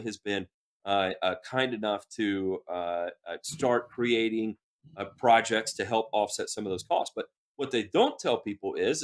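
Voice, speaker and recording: A man co-hosting a podcast, reading news items aloud and breaking off into animated personal anecdotes. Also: mid-range voice. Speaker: podcast co-host.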